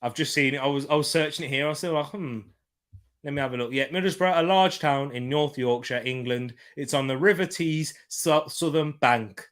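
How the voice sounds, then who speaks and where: A man's voice: on the high side, brisk, fairly bright tone. A man hosting a live football watchalong, giving casual match commentary in a rambling way, repeating himself and reading out chat comments. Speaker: host of a football watchalong stream.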